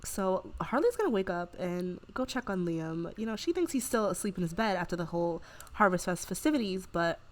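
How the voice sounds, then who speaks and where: A woman's voice: fairly low pitch, expressive, fairly quick. A woman hosting her gaming channel, narrating a let's play in a casual, chatty way with lots of fillers.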